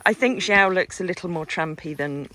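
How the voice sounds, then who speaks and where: A woman's voice: fairly low pitch, normal speed, sharp tone. Teasing woman on a farm. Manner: teasing, chatty, laughs often. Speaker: sanctuary owner and vlogger. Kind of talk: casual chat. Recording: noisy outdoor recording.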